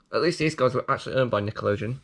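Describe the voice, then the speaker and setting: A video host with a medium-pitched voice and vocal fry reads a leaflet aloud, adding jokey commentary. He's playful and given to sudden excited outbursts.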